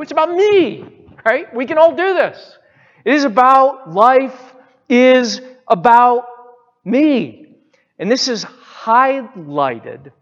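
Guy preaching slow and high, big echoey church hall, kinda muffled. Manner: emphatic preaching, repeats phrases, addresses the church directly. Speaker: pastor. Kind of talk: sermon. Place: church sanctuary. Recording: reverberant hall, muffled sound.

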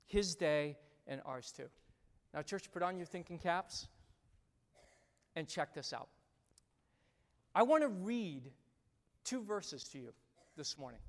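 Lively preacher, pitch jumps all over, hammering points with repetition, big echoey sanctuary. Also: takes it slowly, long pauses. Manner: animated, emphatic repetition, addresses congregation directly. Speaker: pastor. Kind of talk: sermon. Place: church sanctuary. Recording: long reverb of a large church hall.

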